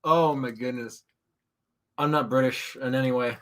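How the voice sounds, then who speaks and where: A man's voice: mid-range voice, steady tone, normal speed, fairly bright tone. A young man from the United States making brief, dry remarks while chatting casually about comics. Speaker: co-host. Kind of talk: casual chat.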